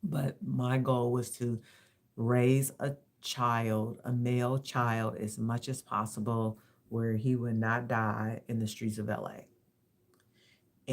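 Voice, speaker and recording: A woman in her fifties from Los Angeles, talking reflectively on a livestream, halting and repeating words as she gathers her thoughts. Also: extremely low pitch, creaky. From Los Angeles, USA. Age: 50s. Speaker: livestream host. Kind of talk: reflective personal talk.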